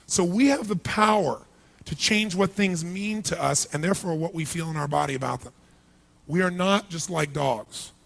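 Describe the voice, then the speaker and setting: A man with a raised, gravelly voice works a packed hall as a motivational speaker. He fires question after question at the crowd and slips into the voices of their doubting thoughts, pushing hard to get answers back. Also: high-pitched, a bit bright. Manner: rhetorical questions to a crowd, acts out inner voices. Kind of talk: live motivational seminar speech. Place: large hall with a live audience.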